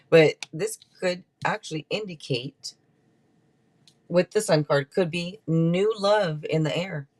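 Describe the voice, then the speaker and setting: A woman's voice: lowish voice, takes it slowly, a little mellow. A woman hosting a live tarot stream, chatting casually and rambling through card meanings. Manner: chatty and rambling, with many restarts.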